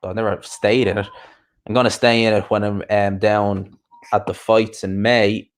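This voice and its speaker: A man's voice: lowish voice, level tone, normal speed. A man hosting a boxing channel, rambling casually on a live stream as he answers viewer comments aloud.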